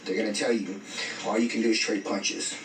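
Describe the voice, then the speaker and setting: A man's voice: lowish voice, fairly even intonation, a little fast. Blunt slang-heavy man telling a story. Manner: blunt, street slang, quotes himself a lot. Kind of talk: casual storytelling. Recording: echoey, distant, faint music.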